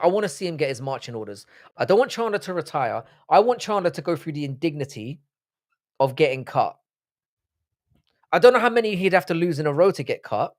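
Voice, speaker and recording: A young man hosts a casual livestream, ranting and cursing in a riled-up way. His voice sits a touch higher than most men's. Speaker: livestream host. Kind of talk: live-stream chat reading comments.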